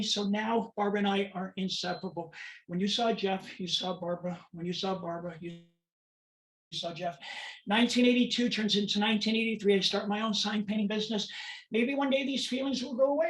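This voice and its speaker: A woman's voice: mid-range voice, reverberant, low-quality recording. A woman, telling her personal story as a guest speaker in an emphatic, repetitive way. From Southern California, USA. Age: 50s.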